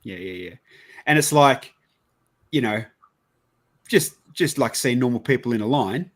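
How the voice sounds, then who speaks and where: A man's voice: medium pitch, a little slow. A man with an Australian accent, chatting casually and telling a rambling story, acting out other people's lines and swearing loosely. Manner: rambling, animated, swears casually, acts out dialogue. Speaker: podcast host.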